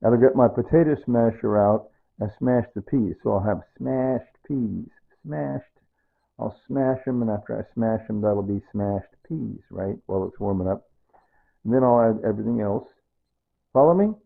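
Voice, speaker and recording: A man's voice: on the low side, moderate pace, gravelly. A man talking a home cooking video through in a casual, rambling way, repeating himself as he goes. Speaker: home cook. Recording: tinny phone-like audio.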